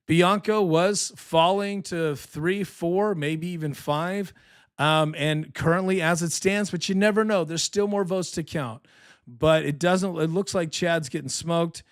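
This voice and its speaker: A man hosting a casual live election podcast, rambling and sarcastic, tired from little sleep but excited. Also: a little high, smooth. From California. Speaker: political podcast host.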